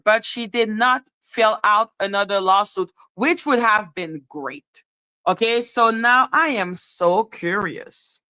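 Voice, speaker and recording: A woman hosting a livestream, ranting heatedly and with swearing, and breaking into high sing-song greetings to her viewers. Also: bright, forceful tone, smooth, no echo. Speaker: livestream host. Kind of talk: livestream rant chatting with viewers.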